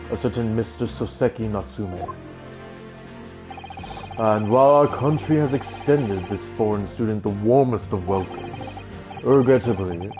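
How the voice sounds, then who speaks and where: A man's voice: natural voice, rough recording. A man doing a pompous aristocratic prosecutor. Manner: pompous, drawling and low. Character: haughty aristocratic male British prosecutor. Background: game music.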